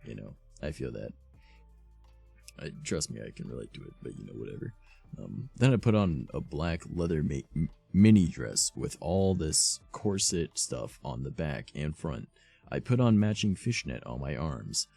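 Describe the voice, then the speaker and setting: Very deep gravelly-voiced man reading fanfic. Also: very animated, normal speed, dark tone, faint music behind. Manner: sarcastic asides between dramatic readings. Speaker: streamer. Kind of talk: comedic fanfiction reading on a live stream.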